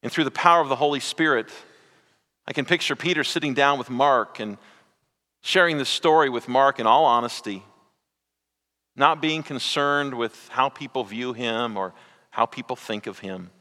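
A man preaching a sermon as pastor, swinging from loud, stretched phrases to hushed asides. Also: mid-range voice, normal speed. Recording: reverberant hall.

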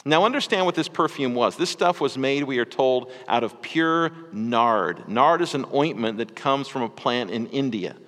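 A man preaching in a relaxed, conversational way, stumbling over a word now and then and tossing in asides to his listeners. His mid-pitched voice carries a long reverb from the church hall around him. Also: normal speed, few pauses. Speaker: pastor. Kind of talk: sermon.

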